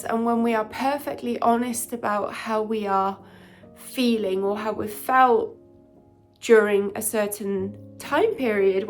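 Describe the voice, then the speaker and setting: A woman, a doctor vlogging in a soft, candid, introspective way. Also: on the high side. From United Kingdom. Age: 40s. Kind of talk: reflective vlog talk to camera.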